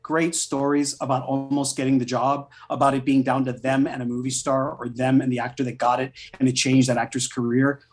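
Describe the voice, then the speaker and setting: Chatty middle-aged actor telling stories. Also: male voice, mid-range voice. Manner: chatty, animated, swears freely. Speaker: guest voice actor. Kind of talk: casual storytelling interview.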